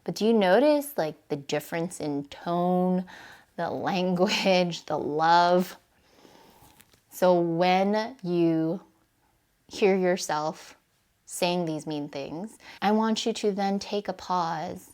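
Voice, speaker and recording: A woman with a lowish voice gives a casual advice vlog as a life coach. She speaks earnestly and encouragingly right to the viewer. Her talk is chatty, dotted with little "right?" tags. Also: takes it slowly, a little mellow.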